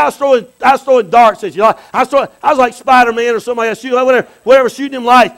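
High-voiced preacher man. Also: racing, few pauses, low-quality recording. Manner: animated, repetitive, calls for amens. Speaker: bishop preaching. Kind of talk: sermon.

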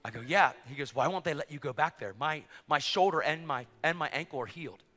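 Excitable high-voiced preacher in a big hall. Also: male voice, brisk. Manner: excitable, acts out dialogue, rising to shouts. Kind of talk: sermon storytelling. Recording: long reverb of a large hall.

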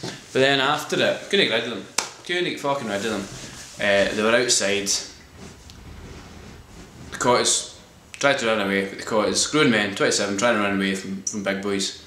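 A man's voice: lowish voice, normal speed, sharp tone, a little hiss or hum. A man ranting in a sweary, exasperated vlog monologue. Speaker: vlogger reviewing a comedy show. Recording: echoey room.

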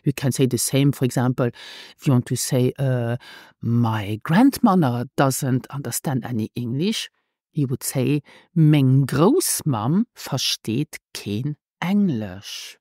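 Woman teacher, low voice, slow careful delivery, dry close mic. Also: dark tone, no echo. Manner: slow, careful, repeats phrases for learners. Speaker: language teacher. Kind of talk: podcast language lesson.

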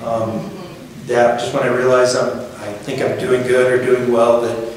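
A middle-aged man giving his father's eulogy at a funeral, speaking in a halting, reflective way with gentle humor. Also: medium pitch, monotone. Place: funeral chapel. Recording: very echoey hall from far off, faint noise.

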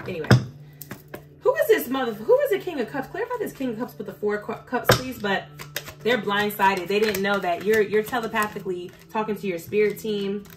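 A woman with a medium-pitched voice, lively intonation, and a slightly fast pace gives a casual tarot reading. She speaks bluntly and profanely to her viewers and grows heated and emphatic. The background is noisy, with faint music.

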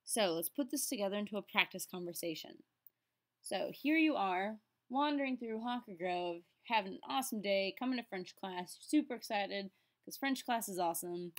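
A woman giving a French lesson to her class. She is upbeat and encouraging, and slows right down to sound out each French word clearly. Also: medium pitch, lively intonation. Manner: patient, slows down to enunciate French words. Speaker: French teacher.

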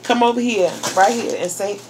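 A woman's voice: medium pitch, moderate pace, heavy background noise. A woman in a casual unboxing vlog, talking straight to her viewers in an effusive, exclamatory way and gushing with delight as she opens each item. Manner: talks to viewers as "y'all" and "girl". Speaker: YouTuber.

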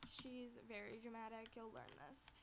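A woman's voice: on the high side, level tone, moderate pace, background noise. A woman vlogger telling a storytime, reading text messages aloud in a chatty, sassy way that turns heated.

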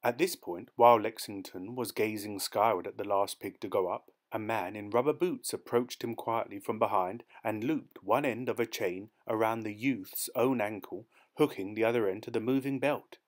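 A man reading a dark short story aloud as an audiobook narrator, in a measured, steady storytelling manner. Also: lowish voice. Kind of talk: scripted narration.

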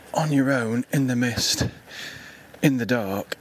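A man talks his way across a rocky coastline in a loose, rambling way, full of ums and wry self-deprecation. He is short of breath from the climbing. The outdoor recording carries a clear wash of background noise. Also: mid-range voice, slow pace. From England. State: out of breath from scrambling. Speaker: podcast host. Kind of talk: casual outdoor fishing commentary.

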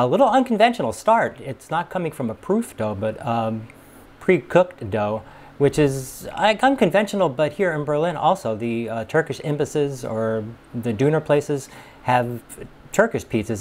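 A man's voice: medium pitch, expressive, moderate pace, a little mellow. A man from New York hosting a casual food review, chatty and rambling with many fillers. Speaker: host. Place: pizza restaurant in a city. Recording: noisy city background.

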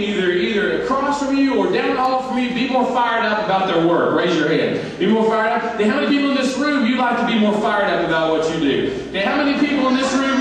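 An energetic male motivational speaker giving a keynote with stories and pulling the crowd in, in a large hall full of people. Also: high voice, brisk. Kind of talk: keynote speech with storytelling. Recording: echoey hall, distant mic.

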